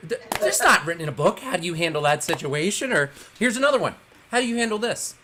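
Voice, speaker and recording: A man in his thirties doing a stand-up comedy set over a video call, telling stories with big acted-out shouts. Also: sits high, quick pace, slight background noise. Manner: animated storytelling with loud acted-out shouts.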